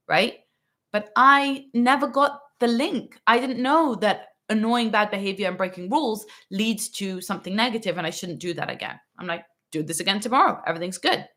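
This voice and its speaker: A woman's voice: medium pitch, fairly bright tone. A woman hosting a parenting channel, answering a viewer's question in a casual, emphatic monologue that often checks in with "right?" and "okay". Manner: acts out quoted parents in little voices.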